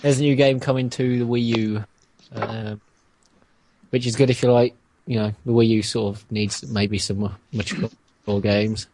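A man co-hosting a gaming podcast in casual chat, hesitant with many pauses and ums. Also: mid-range voice, steady tone, a little mellow, slight background noise. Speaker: podcast co-host.

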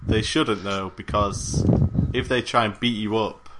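A man's voice: fairly low pitch, fairly even intonation, unhurried, noisy background. A man hosting a podcast, teasing his guests dryly and laughing often in casual chat. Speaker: podcast host.

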